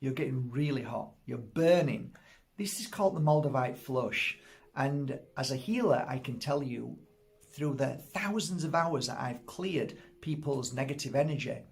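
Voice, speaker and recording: Gravelly-voiced male crystal healer. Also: medium pitch, normal speed. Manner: speaks straight to the listener, repeats and lists words. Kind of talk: casual spiritual teaching talk.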